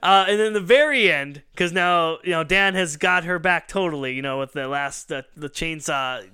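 A man hosting a pop culture podcast chats casually, retelling a story at length in a rambling way, performing quoted lines and laughing frequently. He speaks at normal speed with a fairly high, sharp, clear, resonant voice.

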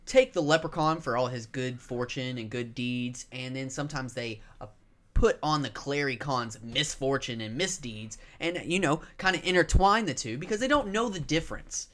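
A man's voice: medium pitch, expressive, normal speed, fairly bright tone, lightly acted. A man voicing a chatty male tour guide at a castle, talking casually and rambling on in a tabletop role-play. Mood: breezy. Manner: casual, rambling, name-dropping.

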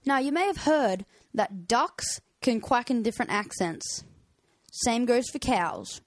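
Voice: medium pitch, lively intonation, unhurried, dry recording. A podcast co-host casually reading out fun facts in a playful, upbeat way.

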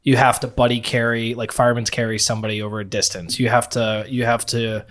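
A man's voice: medium pitch, flat delivery, quick pace, fairly bright tone. Laid-back ex-Marine guy chatting. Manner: laid-back, profane, rambling. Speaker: former Marine. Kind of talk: casual chat.

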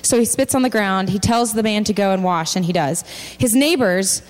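Woman preaching in an echoing hall. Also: normal speed. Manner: reads scripture aloud, acting out quoted voices with rising pitch. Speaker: speaker at a church. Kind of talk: sermon with scripture reading. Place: large church hall.

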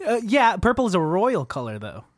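A man's voice: high voice, wildly swooping pitch, a little fast, dry recording, studio quality. A young man co-hosting a podcast, joking and teasing his co-host in casual chat.

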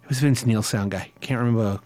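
An enthusiastic man hosts a casual conversation, saying "dude" and "absolutely" a lot. He gets animated when he acts out past exchanges. The recording is dry and close, with no room echo. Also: on the low side, brisk. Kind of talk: casual chat.

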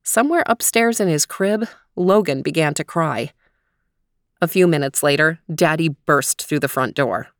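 A woman host narrating a children's story in a gentle, expressive voice. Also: deep voice, moderate pace, no room sound, studio quality.

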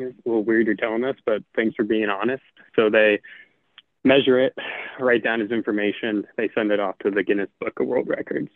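A man guest on a podcast telling a joke in a laid-back, drawn-out way. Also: lowish voice, steady tone, no room sound. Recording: tinny phone-like line.

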